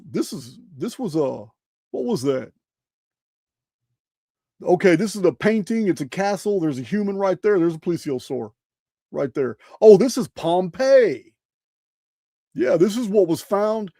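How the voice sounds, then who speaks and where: A man presents slides in a loose, emphatic way, piling up rhetorical questions and restarting phrases as he goes. His voice is fairly high and gravelly, with a dark, mellow tone. The sound is dry and close. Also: no echo. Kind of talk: casual presentation over slides.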